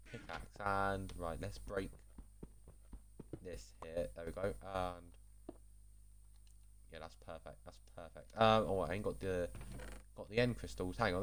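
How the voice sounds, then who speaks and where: A man's voice: low-pitched, a little hiss or hum. A man casually commenting while building in a video game, chatty, rambling and self-deprecating. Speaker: gaming channel host.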